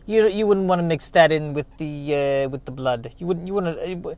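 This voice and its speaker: A man's voice: a little high, normal speed, a little mellow, dry recording, close to an everyday voice. A man voicing a nervous male servant who stammers and hesitates. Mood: flustered. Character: nervous male servant, eager yet squeamish.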